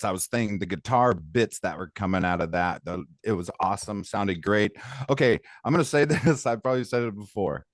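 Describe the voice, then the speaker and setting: Rambling low-voiced man. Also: no room sound, clean studio sound. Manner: rambling, laughing, trailing off. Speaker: co-host. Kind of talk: casual podcast chat.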